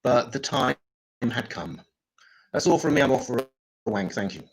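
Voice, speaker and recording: Guy doing improv stand-up, dry deadpan delivery, mid-pitched voice, slips into loud mimicking. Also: normal speed, rough recording. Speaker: stand-up comedian.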